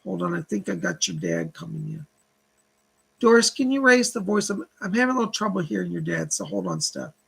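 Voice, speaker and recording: A man's voice: high-pitched, big pitch swings, brisk, creaky, a bit bright, slightly rough. A man hosting a live psychic reading stream, reading viewer donations and relaying spirit messages in long chains of "she said". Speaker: psychic medium host.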